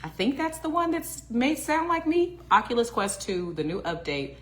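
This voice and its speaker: A woman hosting a podcast, playful and animated, with crisp, careful diction. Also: on the high side, normal speed. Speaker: podcast host, voice actor. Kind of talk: casual chat.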